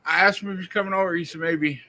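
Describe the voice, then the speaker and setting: A man's voice: sits high, fairly even intonation, fast talker, sharp tone, no echo. A man taking part in a casual live-stream chat, teasing in a dry way.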